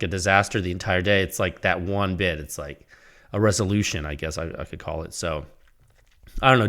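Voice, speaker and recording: Hosting his own podcast, a man with a low voice and fairly bright tone talks casually and rambles. It's a casual solo podcast talk, and he laughs at himself as he reads his own sponsor plug.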